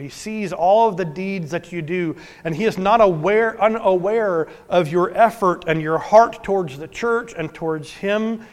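A man preaching a sermon as pastor, earnest, swinging from emphatic to hushed. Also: high-pitched, measured pace, hardly any pauses. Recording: long hall reverb.

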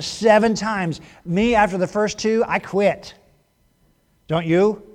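A male pastor giving a sermon in a conversational way, moving between hushed moments and animated bursts. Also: a little high, measured pace.

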